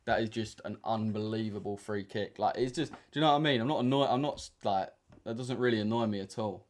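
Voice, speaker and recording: This young man, a trading streamer, talks quickly in a lowish voice during a casual livestream chat. He jokes around in slang, relaxed, with lots of filler words.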